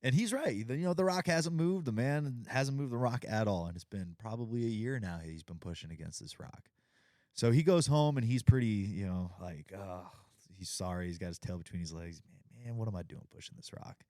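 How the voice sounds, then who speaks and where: Very deep-voiced podcast host telling a story. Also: male voice, normal speed, no room sound, studio quality. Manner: relaxed, chatty, many fillers. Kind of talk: casual storytelling.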